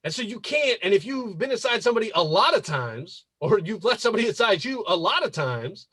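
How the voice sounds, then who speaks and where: A man's voice: sits high, sing-song, fairly quick, pushed and bright, husky, no echo. A man hosting a podcast, ranting casually with emphatic, repetitive and profane advice. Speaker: podcast host.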